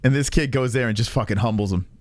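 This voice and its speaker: A man's voice: mid-range voice, no echo. A man hosting a casual reaction stream, swearing freely and laughing often. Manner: profane, laughs often, animated. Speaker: streamer host.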